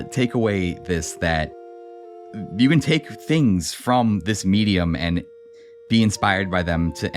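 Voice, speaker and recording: A man talking as a podcast guest in casual, earnest chat, his voice trailing off softly. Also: deep voice.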